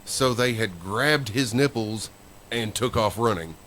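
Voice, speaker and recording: A man's voice: lowish voice, unhurried, fairly bright tone, a little hiss or hum. A man co-hosting a podcast, telling a story in a rambling, casual way. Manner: rambling storyteller with fillers and restarts. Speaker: podcast co-host.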